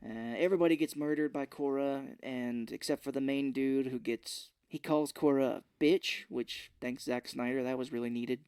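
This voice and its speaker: A man co-hosting a film podcast, casually recapping a movie's plot and slipping into quick voices for its characters. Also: medium pitch, fairly even intonation, darkish tone, clear, resonant tone, no echo, clean studio sound. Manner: retells scenes with quick put-on character voices. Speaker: podcast co-host.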